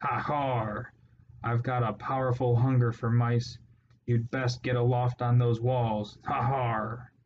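A menacing one-eyed male rat warlord speaks with gruff scorn, as a man reading a storybook puts him on. His delivery stays flat and cold. The audio is dull and lo-fi, with a faint hiss underneath. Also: medium pitch, slow, natural voice. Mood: snarling.

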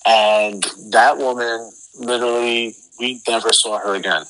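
A man's voice: medium pitch, unhurried, rough recording. A middle-aged man, an interview guest, telling a rambling story with lots of fillers. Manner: rambling, filler-heavy, animated retelling. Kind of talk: casual storytelling.

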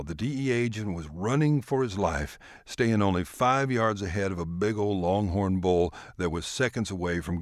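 Deep-voiced storyteller. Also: male voice, no echo, studio quality. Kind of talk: scripted storytelling narration.

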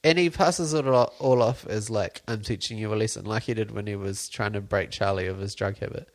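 Man, gravelly voice, low pitch, casual co-host, mocking quotes. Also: normal speed. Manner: laughs often, quotes characters in a mocking voice. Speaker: podcast co-host. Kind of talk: casual chat recapping a TV episode.

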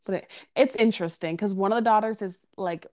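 A woman's voice: medium pitch, fairly quick, darkish tone, no echo, clean studio sound. A woman co-hosting a podcast in casual chat, rambling with many fillers and restarts. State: has the hiccups. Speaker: podcast co-host.

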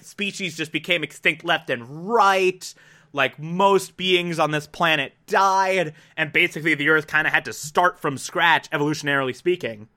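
Bright, excitable man gushing. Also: a little high. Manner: excitable, rambling, laughs often, lots of fillers. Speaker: reviewer. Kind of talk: casual enthusiastic commentary.

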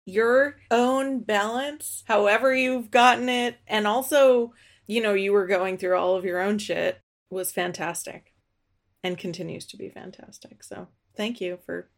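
A woman podcast host speaks slowly and deliberately. Her voice has a mid pitch. She closes the interview with thanks and then reads the show's sign-off. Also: fairly even intonation, gravelly. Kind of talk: casual interview and outro.

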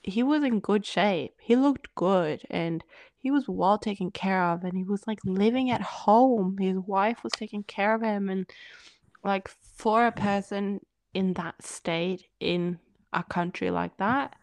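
A woman co-hosting a podcast tells an animated story in casual chat, acting out the quotes of the people involved. Her voice is medium-pitched and her pace measured, and the recording is dry.

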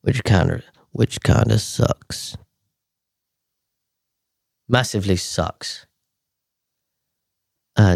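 A man talks in a loose, rambling monologue, restarting and correcting himself as he goes. His voice sits at an ordinary pitch, and the recording is dry and close. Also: mellow, dry recording. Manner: rambling, self-correcting, chatty. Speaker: host. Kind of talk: casual monologue.

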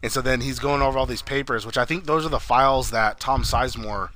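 Casual male co-host, bright, forceful voice, profane and rambling recaps, faint background noise. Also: mid-range voice, fairly even intonation, fast. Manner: rambling, profane, laughs often, acts out scenes. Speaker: podcast co-host. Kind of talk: casual chat recapping a TV episode.

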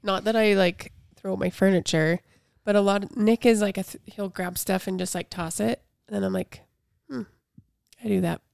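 A woman's voice: medium pitch, fairly even intonation, moderate pace, gravelly, a little mellow, no room sound, studio quality. A woman co-hosting a podcast, telling parenting stories in a chatty way full of "like". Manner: chatty, fills with "like". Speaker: podcast co-host. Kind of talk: casual chat.

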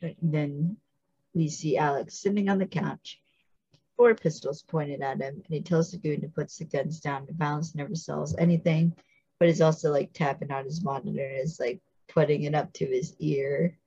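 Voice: mid-range voice, fairly even intonation, normal speed, warm tone, highs cut off, a little hiss or hum. A podcast host giving a casual, chatty recap of a TV episode, full of fillers and acted-out quotes.

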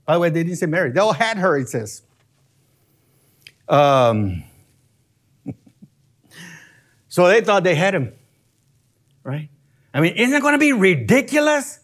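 A man teaching from scripture in an expository sermon, animated and chuckling as he explains grammar step by step. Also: sits high, measured pace, pauses often. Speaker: Bible teacher.

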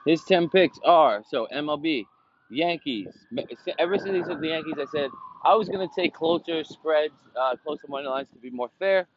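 A man's voice: on the high side, animated, normal speed, lo-fi sound. A man hosting a casual sports betting podcast, running through picks and results in a brash, profane way from a windy spot outdoors. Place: outdoors, windy, traffic nearby.

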